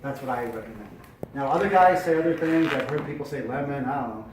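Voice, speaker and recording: Chatty pastor in an echoey room. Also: male voice, medium pitch, quick pace. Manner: casual, chatty, demonstrates projecting from the diaphragm. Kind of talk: informal teaching talk to preachers. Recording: echoey room, mic at a distance, faint noise.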